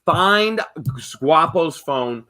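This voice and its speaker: Man, vlog host, casual storytelling, animated, bright voice, lively pitch. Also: very slow. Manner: animated, acts out quotes in a high shouting voice. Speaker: vlogger and family channel host.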